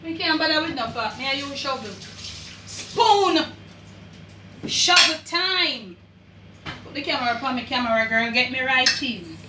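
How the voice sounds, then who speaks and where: Her voice sits high, and she talks at a quick pace with hardly any pauses, in a roomy-sounding recording with background noise. This older woman with a Jamaican accent hosts a home cooking demonstration in her kitchen for her cooking channel, chatting away and tossing in patois asides while directing the camera.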